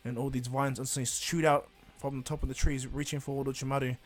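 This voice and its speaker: Over faint background music, a man retells a fan-fiction story casually and ramblingly, peppering it with fillers and "and he goes." His voice is mid-pitched and flat, and he talks fast.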